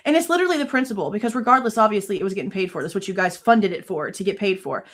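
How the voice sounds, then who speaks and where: A woman's voice: mid-range voice, lively intonation, very fast, fairly bright tone. A woman in her thirties hosting a true crime livestream, venting angrily with frequent swearing in casual commentary.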